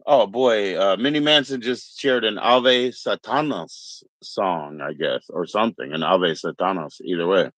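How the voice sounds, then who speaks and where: A livestream host with a deep, slightly bright voice chats casually, speaking unhurriedly with few pauses and no echo. He's rambling and laid-back, greeting chat members one by one and using mock Aussie slang.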